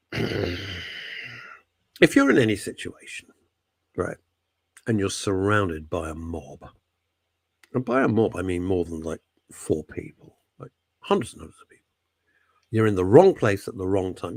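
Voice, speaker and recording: A man's voice: medium pitch, gravelly, dry recording. A man hosting a talk radio show, rambling and jokey as he talks through listener messages. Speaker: radio host. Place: radio studio.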